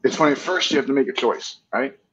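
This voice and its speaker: A man's voice: mid-range voice, fast talker, fairly bright tone, husky, lo-fi sound. A man in his forties as an interview guest, speaking earnestly in candid talk and often tagging his points with "right?". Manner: earnest, tag questions with "right?".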